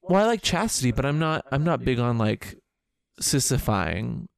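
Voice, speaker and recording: A man's voice: medium pitch, big pitch swings, creaky. Playful teasing male podcast co-host. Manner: teasing, playful, quick with jokes. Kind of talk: casual chat.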